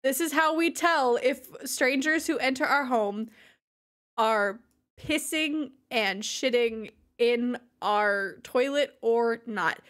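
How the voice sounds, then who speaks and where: Giggly high-voiced woman streamer. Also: slow, a bit bright. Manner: giggly, exclaiming, breaks into laughter. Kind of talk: live gaming stream chat.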